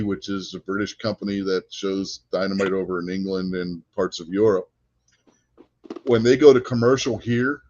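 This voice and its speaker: Low-voiced man telling wrestling stories. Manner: animated storyteller, laughs often. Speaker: podcast co-host. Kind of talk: casual wrestling chat. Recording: dull lo-fi podcast audio.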